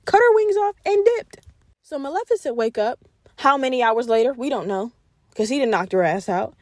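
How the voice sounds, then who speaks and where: A woman hosting a podcast, retelling a movie in an animated, profane, slangy comedic style. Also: fairly high pitch, normal speed, no room sound, clean studio sound. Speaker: podcast host. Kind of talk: casual comedic storytelling.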